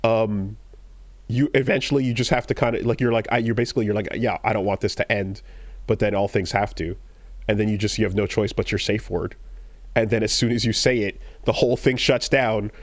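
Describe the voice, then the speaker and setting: Podcast co-host, male, lively storyteller who acts out the lines, dry close-mic sound. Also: lowish voice, fairly quick, dry recording. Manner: animated storytelling, acts out quoted lines in raised voices. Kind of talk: casual chat.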